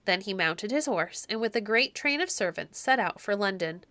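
Bright-voiced woman narrating a storybook. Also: mid-range voice, lively intonation, no room sound. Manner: clear, measured storytelling. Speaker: audiobook narrator.

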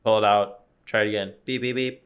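A man's voice: lowish voice, a little fast, smooth. A young man in casual chat, telling stories animatedly and acting out the people in them. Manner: animated storyteller, acts out beeps and quotes.

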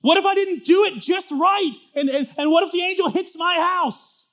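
A man's voice: high-pitched, lively intonation, fairly quick, a bit bright, pitched above the performer's own voice. A man voicing a scared ancient Hebrew man who stammers and frets in a sermon story. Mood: nervous, fretful. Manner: anxious, stammering, worried questions.

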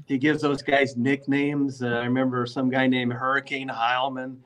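Flat-voiced football coach. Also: male voice, medium pitch, normal speed. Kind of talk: casual sports podcast chat.

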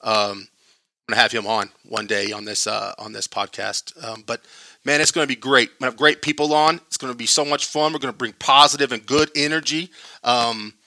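A man's voice: medium pitch, steady tone, fairly quick, gravelly, sharp tone, dry recording. A man hosting his own podcast, talking loosely in a rambling, self-deprecating way full of fillers. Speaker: podcast host. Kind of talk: casual solo podcast trailer.

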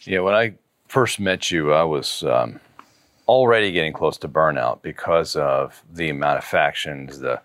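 A man's voice: rumbling low, a little slow, a bit bright, no room sound, clean studio sound. A man hosting an interview, speaking earnestly and reflectively as he prompts his guest. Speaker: interviewer host. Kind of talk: casual interview.

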